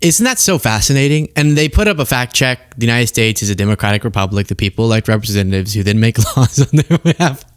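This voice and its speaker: A man's voice: mid-range voice, fast talker, few pauses, smooth, no room sound. Young man, political commentator, exasperated rant, dry close sound. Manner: exasperated, animated, laughing ranting. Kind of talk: casual commentary to camera.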